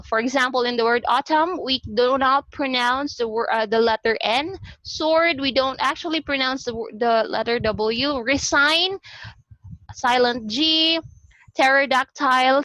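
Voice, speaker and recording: A woman with a Filipino accent presenting a lesson on a video call, explaining slowly and repeating herself as she goes. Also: high-pitched, pushed and bright, no echo, rough recording. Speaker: student presenter in a class discussion. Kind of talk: online class presentation. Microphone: computer or headset mic on a video call.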